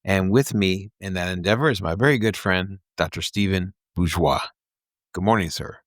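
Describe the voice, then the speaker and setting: A nasal man with a Mid-Atlantic accent and a twangy Texas edge, whose voice has gone quieter since his surgery. He speaks low and easy in casual podcast talk, laughing now and then. The sound is close and dry, with no room around it. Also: no room sound. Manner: laughs often, unhurried and reflective. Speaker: podcast host. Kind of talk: casual chat.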